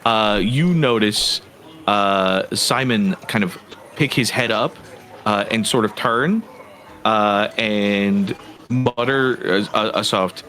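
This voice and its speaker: A man narrating a tabletop game as game master, with frequent pauses and fillers. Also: fairly low pitch, pushed and bright, faint music behind. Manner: hesitant, many "uh" and "um" fillers.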